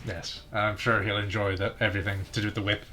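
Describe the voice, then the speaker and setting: A man's voice: lowish voice, level tone, fast talker, music in the background. A man streaming a video game, chatting casually with friends and teasing them, laughing often. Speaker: streamer playing and commentating. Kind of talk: casual chat while gaming.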